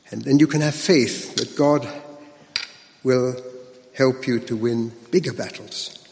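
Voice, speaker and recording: Man preaching in a reverberant hall. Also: mid-range voice. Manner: conversational, asks the listeners rhetorical questions. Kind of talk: sermon.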